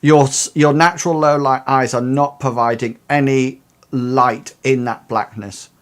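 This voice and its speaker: Halting male game master. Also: medium pitch, steady tone. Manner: halting, many fillers and restarts. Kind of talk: narrating a tabletop game.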